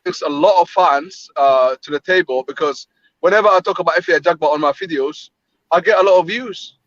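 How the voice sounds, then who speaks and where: A man with a fairly high voice hosts a casual panel chat about boxing, rambling through fillers and restarts. His voice sounds dull and lo-fi, with a dry, close sound and no room around it. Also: a little fast, a bit bright, no echo. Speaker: boxing channel host.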